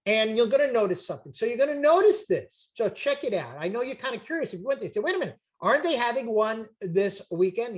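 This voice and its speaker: An older man, making an emphatic, repetitive, jokey sales pitch on a video call as a chiropractic seminar promoter. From Brooklyn, New York.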